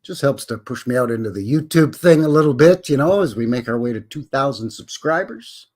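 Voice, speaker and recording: A man's voice: mid-range voice, lively intonation, a little fast, darkish tone. A man from Alberta with a Canadian accent, hosting a live stream in a rambling, folksy way and greeting viewers by name. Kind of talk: casual live-stream chat.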